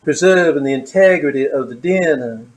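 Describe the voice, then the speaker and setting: A man doing an impression of a demonic woman from a TV drama, drawing out each word slowly and deliberately in a home kitchen. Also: on the high side, noisy background, lightly acted. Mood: slow, eerie. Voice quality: drawn-out, slow, measured delivery.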